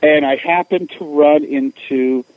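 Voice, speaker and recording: A middle-aged man, a guest and author, tells funny stories in a casual way, animatedly acting out other people's voices. His voice is fairly high and his pace measured. The audio sounds like a phone call, with no room sound.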